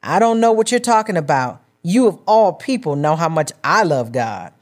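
A woman's voice: fairly low pitch, sing-song, normal speed, darkish tone. A woman narrator voicing a vain, secretive young woman who answers defensively.

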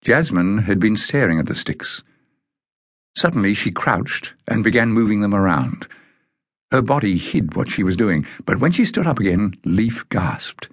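A man narrating a children's fantasy audiobook in a measured, deliberate way. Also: on the low side, sing-song, husky, no echo, clean studio sound. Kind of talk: scripted narration of a children's novel.

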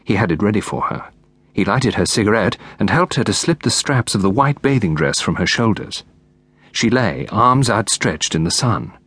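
A man narrating an audiobook in a measured, expressive reading. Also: fairly low pitch, slightly rough, no room sound. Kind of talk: scripted narration.

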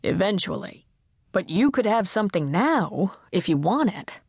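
A woman's voice: medium pitch, sing-song, moderate pace, darkish tone, slightly rough, no room sound, clean studio sound. Woman voicing a sly smirking devil. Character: smirking calm male devil, sly and unhurried.

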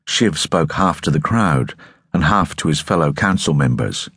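A man narrating an audiobook in a measured, expressive storytelling manner, recorded on a studio microphone. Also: a bass voice, breathy edge, no room sound. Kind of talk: scripted narration.

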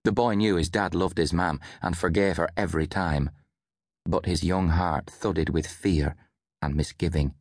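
A man narrating an audiobook in a measured storytelling manner, close to a studio mic. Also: low voice, steady tone, no echo. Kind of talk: scripted narration.

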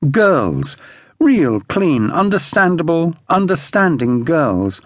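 A man narrating an audiobook in a measured, expressive storytelling manner. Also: a little high, no room sound, studio quality.

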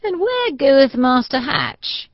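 A woman voicing an old male soldier with a thin, shaky, slow voice, in an audiobook. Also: low-pitched, wildly swooping pitch, slightly rough, dry recording, heavily acted. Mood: wry, slow. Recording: dull, dry audiobook recording.

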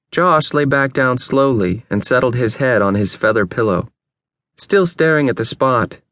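A man's voice: lowish voice, no echo. Man narrating a storybook, dry and close. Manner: steady, even storytelling. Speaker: audiobook narrator. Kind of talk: scripted narration.

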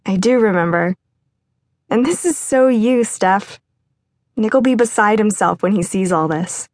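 A friendly grown woman with a wry, joking way of talking, read by a woman narrating an audiobook. The voice sits close to the narrator's own, a touch brighter. It is recorded dry and close in a booth. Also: mid-range voice, measured pace, dry recording, natural voice. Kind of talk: audiobook character voice.

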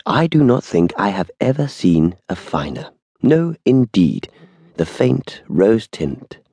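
A man's voice: on the low side, sing-song, slow pace, mellow, husky, dry recording, exaggerated voice. A man voicing a courteous, deferential old shop assistant who speaks formally and politely. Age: older.

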